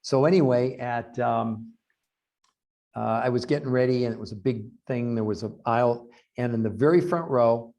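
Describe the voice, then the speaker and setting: Man telling an animated story on a video call. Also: mid-range voice, normal speed, creaky. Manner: animated anecdotes with acted-out quotes. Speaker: health researcher and speaker. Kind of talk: storytelling in an interview.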